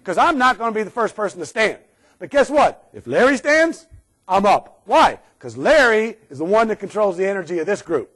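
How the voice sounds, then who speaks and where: A man's voice: sits high, very animated, moderate pace, a bit bright. A man giving a humorous keynote on workplace safety to an audience, sarcastic and joking, acting out what people say.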